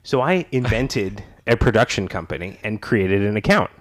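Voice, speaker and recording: Low-voiced man chatting on a podcast. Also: expressive, moderate pace. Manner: rambling, with many restarts and laughs. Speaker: podcast host. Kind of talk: casual podcast chat. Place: living room home studio. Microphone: laptop podcast setup.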